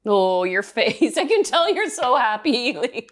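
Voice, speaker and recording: A woman's voice: fairly high pitch, sing-song, normal speed. A middle-aged woman hosting a baking show, chatting thoughtfully and explaining baking points at length. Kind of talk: casual chat over a video call.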